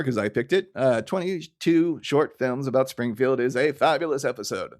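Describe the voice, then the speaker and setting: A man co-hosting a podcast, chatting casually and recapping a cartoon episode while acting out lines in funny voices. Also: medium pitch. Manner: animated, acts out character lines in funny voices. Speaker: podcast co-host.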